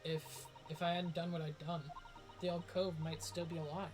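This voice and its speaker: Scrappy young Cockney pickpocket girl, rushed and breathless, read by a man, noisy mic. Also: on the high side, level tone, natural voice. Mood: shaken. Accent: attempted Cockney.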